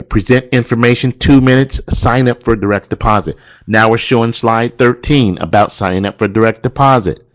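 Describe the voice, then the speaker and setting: A man training instructors, walking them through a course module in an emphatic, coaching manner that repeats key points. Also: lowish voice. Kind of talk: instructional walkthrough.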